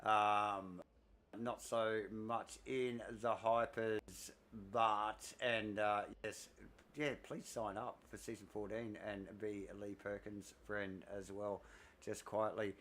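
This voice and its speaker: A man, commentating a sim race live, excitable and out of breath, rambling with fillers. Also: lowish voice, slow, slight background noise.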